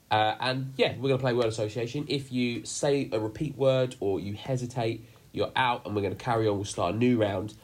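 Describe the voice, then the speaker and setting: A man runs a youth group chat over a video call, joking and rambling with plenty of fillers. His voice sits low and is a little husky. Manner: jokey, rambling with many fillers.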